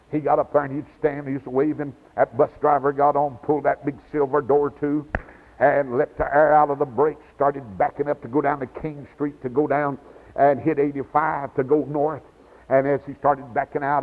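An older man, preaching a revival sermon. He tells his story with feeling, dropping to a hush and then rising to a shout. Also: medium pitch. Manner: storytelling preacher, swings from hushed to hollering. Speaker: evangelist. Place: church sanctuary. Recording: tinny lo-fi 1990s church tape.

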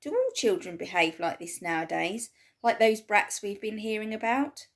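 A woman's voice: medium pitch, expressive, normal speed. A woman voicing an elderly bedridden grandmother who disapproves of badly behaved children. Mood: scandalised.

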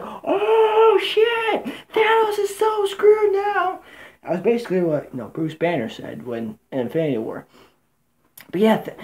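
A woman giving a casual, rambling movie recap, excitable and swearing, with many fillers and restarts. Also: low-pitched. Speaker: movie reviewer.

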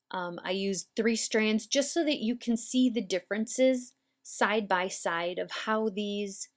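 Woman instructor, mid-pitched, patient and methodical, walking viewers through a braid demo. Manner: calm, patient, step-by-step explaining. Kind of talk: instructional demonstration.

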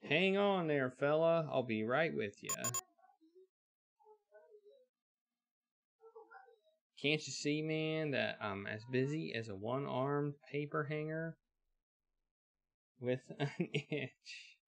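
Game NPC: busy old frontier blacksmith with folksy western drawl, gravelly and a touch raised in pitch, done by a streamer. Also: male voice, slow pace, slight background noise. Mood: busy gruff. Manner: old-timey western drawl, homespun sayings.

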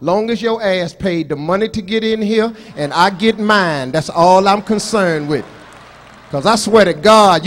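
Brash high-voiced stand-up comedian man. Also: slight background noise. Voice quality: brash, profane, boastful. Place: live comedy show on stage.

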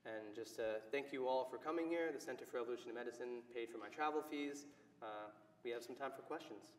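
A man's voice: mid-range voice, fast talker, background noise. A man giving an academic conference talk and answering questions, with frequent "uh" fillers. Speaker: conference speaker. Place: conference hall. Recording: echoey hall.

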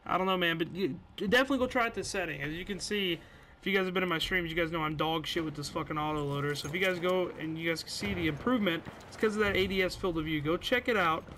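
A young man, a gaming YouTuber, gives hyped live commentary over his own gameplay, swearing and mocking himself. He talks fast in a high-pitched, bright, forceful voice. Game gunfire and explosions sound in the background.

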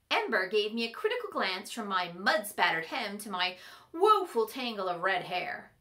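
Expressive woman reading a story aloud. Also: medium pitch, moderate pace. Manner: expressive, playful.

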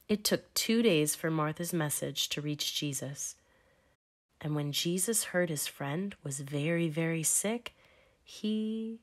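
Woman, children's story read-aloud, low voice, expressive, emphatic. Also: a little slow.

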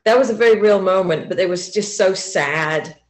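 A woman's voice: mid-range voice, normal speed. A woman podcast host asking guests questions in a casual, enthusiastic way. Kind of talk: casual chat. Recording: roomy echoey room.

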